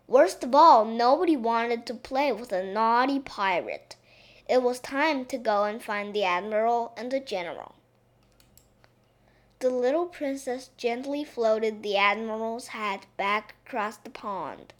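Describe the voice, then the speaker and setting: Woman, children's storyteller, slow, gentle, expressive, higher voice.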